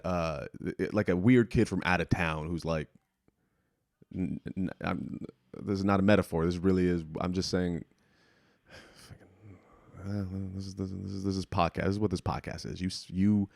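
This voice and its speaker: A young man with a low-pitched voice hosts a podcast, telling rambling, profane, self-deprecating stories and acting out other people's lines in a casual monologue. The recording is dry and studio quality.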